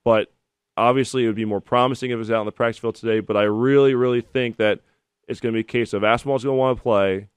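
A man's voice: mid-range voice, quick pace, clear, resonant tone, dry recording. A man in his thirties hosting a sports call-in radio show, chatting and telling stories between callers. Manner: chatty, storytelling, animated when telling anecdotes. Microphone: studio microphone.

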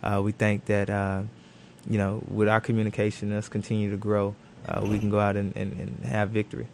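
A man's voice: on the low side, completely flat delivery, fairly quick, vocal fry, a little mellow, slight background noise. A man, a professional football cornerback, answering questions in a studio interview, thoughtful and full of fillers and restarts.

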